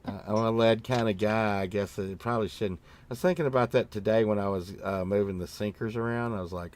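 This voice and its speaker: A man with a fairly low voice hosts a loose, chatty show. He rambles from story to story, full of fillers and restarts, throws in a curse here and there, and bumps his voice up when he acts out what he said back then. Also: normal speed, slight background noise. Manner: meandering storytelling with swearing and many fillers; acts out his own past remarks in a raised voice. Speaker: host. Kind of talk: casual rambling chat.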